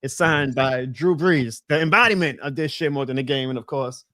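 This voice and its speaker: A man's voice: moderate pace, no echo, studio quality. A young man with a thick New Orleans Southern accent, chatting as a podcast guest and telling stories animatedly. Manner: animated storyteller, lively pitch jumps. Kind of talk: casual chat on a video call.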